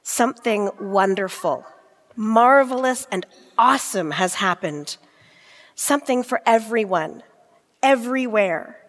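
Slow woman storyteller in a reverberant hall. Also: mid-range voice, lively intonation. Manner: gentle, repetitive storytelling. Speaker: scripture storyteller. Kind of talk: reading a nativity story. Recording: long church-hall reverb.

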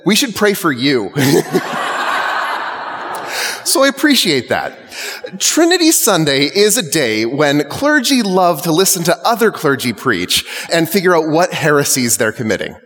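A man's voice: a little high, a bit bright. A male clergyman preaching a sermon to his congregation in a conversational, lightly humorous way. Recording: long church reverb.

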